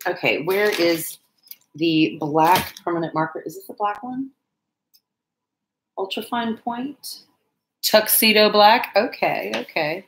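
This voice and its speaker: A woman's voice: medium pitch, takes it slowly, pauses often, echoey room, background noise. A woman chatting casually and rambling to viewers while she crafts on a livestream. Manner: chatty, rambling, self-deprecating, talks to viewers and pets.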